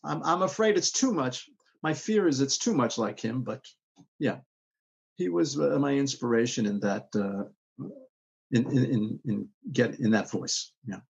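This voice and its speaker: Gravelly husky man, halting speech. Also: mid-range voice, lively intonation, highs cut off. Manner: rambling, halting with many restarts. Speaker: actor guest. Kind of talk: podcast interview.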